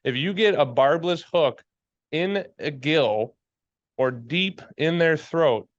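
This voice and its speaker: A man's voice: on the high side, expressive, slow pace, dull audio. A man co-hosting a fly fishing podcast in casual chat, blunt and fired up, swearing freely and preaching his point.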